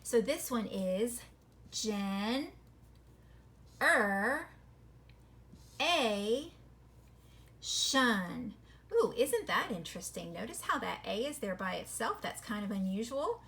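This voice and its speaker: A woman teaching a phonics lesson to children, encouraging and sounding words out slowly syllable by syllable. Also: medium pitch, sing-song, vocal fry. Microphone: recorded video lesson.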